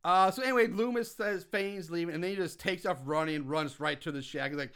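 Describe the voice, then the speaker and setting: A man's voice: fairly high pitch, a little fast, fairly bright tone, clean tone. A man co-hosting a casual chat, recapping a film with profanity and laughter, acting out quotes with big swings in voice. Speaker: podcast co-host recapping a film.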